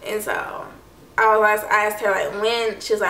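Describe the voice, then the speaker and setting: The speaker is a young woman vlogging, telling a personal story to camera with chatty filler like "like" and "I don't know." Her mid-range voice is bright and forceful at a moderate pace. It was recorded from a distance in an echoey room, slightly off-mic.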